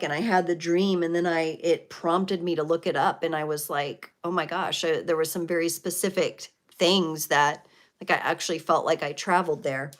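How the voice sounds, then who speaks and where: Brief: middle-aged woman, tarot livestream host, lowish voice, reflective and searching. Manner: reflective, spiritual, with many fillers and restarts. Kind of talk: live tarot reading, casual talk.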